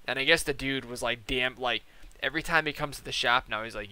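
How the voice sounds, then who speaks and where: A man's voice: medium pitch, fairly quick, bright, forceful tone, clear, resonant tone. A young man chatting casually over his gameplay, telling stories in heavy slang with lots of swearing and acting out the people he quotes. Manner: profane, slangy, heavy "like" and "dude"; acts out quoted people in changed voices. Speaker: gameplay commentator.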